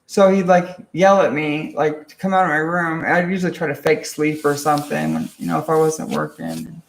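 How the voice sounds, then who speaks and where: A young man telling a personal story in a casual, halting way, with many restarts, fillers and frequent swearing. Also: on the high side, steady tone, vocal fry, echoey room, slight background noise. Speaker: vlogger.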